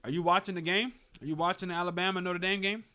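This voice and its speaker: With a high, sharp voice and a steady tone at a quick pace, a young man hosts a casual sports stream at home in a room with a closet. He rambles about the football game while greeting chat viewers.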